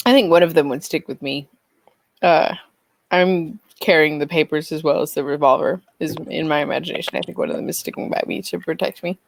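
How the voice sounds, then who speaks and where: A woman's voice: deep voice, a little fast, vocal fry, dry recording. A woman playing in a tabletop role-playing game, thoughtfully describing her character's actions. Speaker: player. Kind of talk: tabletop role-play chat.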